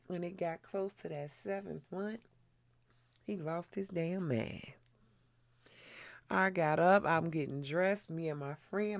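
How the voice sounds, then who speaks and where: Creaky and lowish, this middle-aged vlogger's voice carries a blunt, candid story shared in casual chat during her skincare routine on her own channel. She laughs frequently.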